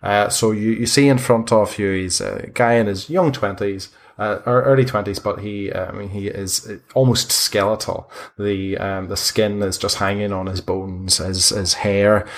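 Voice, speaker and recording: A man's voice: fairly low pitch, fairly even intonation, normal speed, few pauses. A man narrating a tabletop game as game master, with frequent hesitations. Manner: hesitant, many fillers and restarts.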